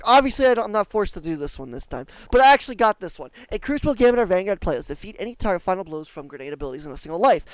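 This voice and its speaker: A man's voice: high voice, smooth, dry recording, low-quality recording. A man ranting angrily and profanely over gameplay as a gaming video creator.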